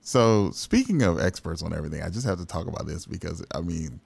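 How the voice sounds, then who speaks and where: A man with a very low voice co-hosts a casual podcast, stumbling over repeated words as he gets going. He sounds close and dry on the microphone, with no room around him. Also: lively intonation, gravelly, a little mellow, husky, no echo. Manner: halting, repeats words, laughs often. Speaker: podcast co-host.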